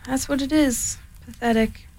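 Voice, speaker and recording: A woman's voice: high voice, fairly even intonation, moderate pace, a little mellow. A woman voicing a gloomy old gray male donkey in a storybook reading, with a mournful, self-pitying manner.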